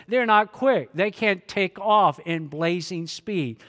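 A man's voice: high voice, lively intonation, slow, few pauses, a bit bright. A male pastor preaching a sermon earnestly, repeating key phrases and leading the congregation to read along. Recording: long hall reverb.

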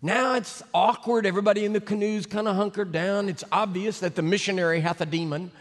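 An American man preaching, telling a story with animated, sudden loud swings and emphatic delivery. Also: high voice, quick pace. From United States. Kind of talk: sermon storytelling. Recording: echoey hall reverb.

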